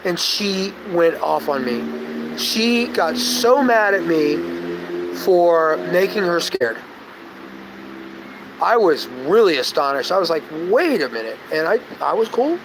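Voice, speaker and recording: A man chatting on a live stream, telling rambling stories and losing his train of thought, sometimes going soft and gentle. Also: high voice, slow pace, background noise. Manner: tangential, storytelling, loses his train of thought; gentle, soft-spoken when calming people. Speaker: vlogger.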